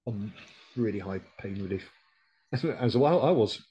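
A decorated RAF Regiment veteran, a middle-aged man from the UK, appears on a podcast and tells his story bluntly and profanely, quoting others. His fairly low voice is warm, expressive and unhurried, heard through a muffled recording.

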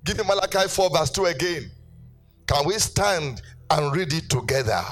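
High-voiced pastor preaching. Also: male voice, normal speed, faint music behind. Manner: animated storytelling, calls out to the congregation in rising sing-song exhortations. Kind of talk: sermon. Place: church.

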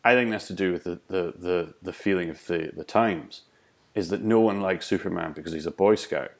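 A man's voice: deep voice, fairly quick, creaky. A man hosting a podcast, chatting in a jokey way with frequent restarts. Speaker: podcast host. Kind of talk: casual chat.

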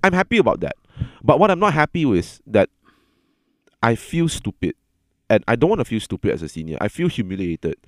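A man with a fairly low voice talks openly and earnestly in a casual conversation. He stumbles and repeats words as he works through what he wants to say. The sound is dry, with almost no room echo. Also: very animated. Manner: earnest, halting, repeats words when upset. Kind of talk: casual candid chat.

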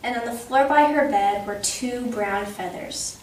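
A woman hosting story time, reading a children's picture book aloud with expressive, lively storytelling. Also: fairly high pitch, a little slow. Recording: echoey room, distant mic, faint noise.

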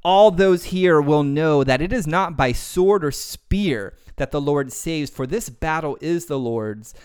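A man's voice: on the high side, expressive, unhurried, darkish tone, clean tone. A man playing a bold young shepherd hero. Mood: defiant. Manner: slangy, casual modern phrasing.

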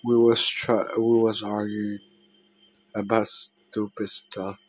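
A man telling a personal story in a halting, emotional way, with many restarts and trailing phrases. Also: fairly low pitch, flat delivery, rough recording.

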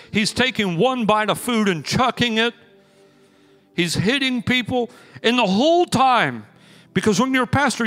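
Preaching man in an echoing church. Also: high voice. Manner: energetic, storytelling preacher with rising emphatic bursts. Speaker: pastor. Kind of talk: sermon. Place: church sanctuary. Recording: long hall reverb with faint music.

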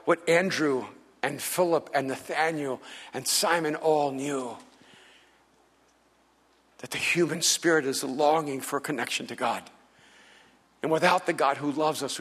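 Man preaching in a reverberant hall. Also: breathy edge. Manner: animated storytelling, acts out quoted people in a higher voice; drops to a soft, slow, earnest tone for appeals. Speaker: pastor. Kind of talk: sermon. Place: large church hall.

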